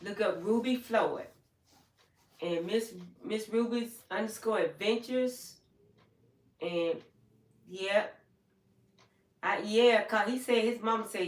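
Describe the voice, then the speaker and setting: A woman's voice: mid-range voice, unhurried, distant mic. Heartfelt older woman in an echoey room. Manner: heartfelt, repetitive, plain-spoken. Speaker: livestream host. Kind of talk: emotional personal storytelling on a livestream. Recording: echoey room, voice away from the mic.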